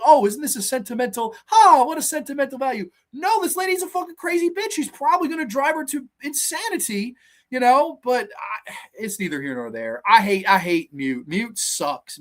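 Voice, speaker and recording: A host rants casually while reviewing episodes, sounding exasperated and swearing often. The voice is a bit bright, and the pitch jumps whenever the host gets worked up.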